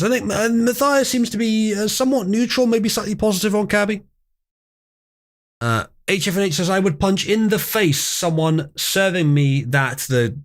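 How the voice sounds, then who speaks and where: A young man hosting a live stream, wryly reading memes and chat messages aloud with theatrical emphasis. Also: a little high. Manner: wry, mock-outraged, reads memes aloud with theatrical emphasis. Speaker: livestream host.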